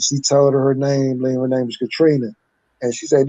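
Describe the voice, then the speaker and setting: A man's voice: medium pitch, steady tone, normal speed, mellow, dry recording, poor audio. A man in his fifties, a guest telling his life story candidly in a rambling, casual way. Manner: candid, rambling, street-talking with repeated "like".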